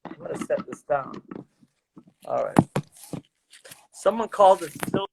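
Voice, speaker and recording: A man's voice: sits high, measured pace, gravelly, slight background noise. A middle-aged man hosting a livestream from home, chatting casually and laughing a lot as he jokes. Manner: animated, laughing, joking. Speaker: livestream host. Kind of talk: casual chat. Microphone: phone on a video livestream.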